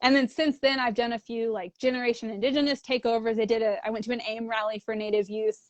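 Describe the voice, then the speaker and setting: Chatty young woman with a higher voice. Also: fairly even intonation, quick pace, no room sound. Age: young adult. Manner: chatty, fills speech with "like", acts out quoted dialogue. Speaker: guest. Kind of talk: casual storytelling interview.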